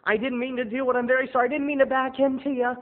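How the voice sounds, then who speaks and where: A man's voice: extremely high pitch, little pitch movement, racing, voice pushed up. Man doing a meek apologetic guy. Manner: timid, over-apologetic. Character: meek apologetic man who bumped into her. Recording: tinny phone-like lo-fi audio.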